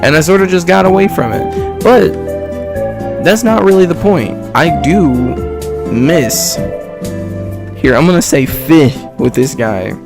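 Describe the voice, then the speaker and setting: A man's voice: a little high, lively intonation, unhurried, creaky, pauses often. A young man streaming live, chatting in a laid-back, rambling, slangy way and laughing often, with music playing behind him. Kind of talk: casual livestream reaction chat.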